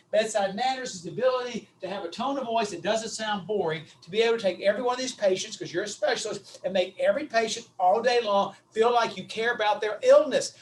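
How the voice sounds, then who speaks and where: A middle-aged man with a Southern US accent giving a folksy, animated webinar lecture, calling his audience his friends. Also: very high-pitched, recorded from a distance, a little hiss or hum, low-quality recording. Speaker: webinar speaker on vocal delivery.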